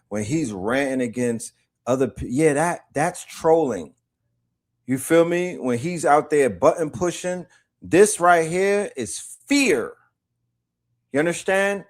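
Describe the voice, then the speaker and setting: A man's voice: a little high, a little mellow. A man giving slangy, conversational commentary on a clip. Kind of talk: casual commentary.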